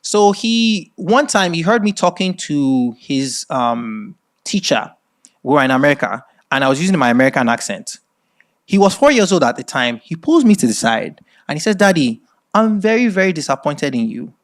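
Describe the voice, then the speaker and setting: At normal speed and with a slightly high voice, a middle-aged Nigerian speaker at a masterclass tells his lecture as lively stories in his Nigerian accent. He keeps asking "right?" to check in.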